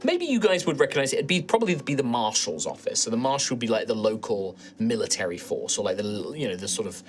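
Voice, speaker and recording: A man's voice: medium pitch, expressive, fast talker. A man narrating a tabletop game as game master, rambling with many fillers as he describes the scene.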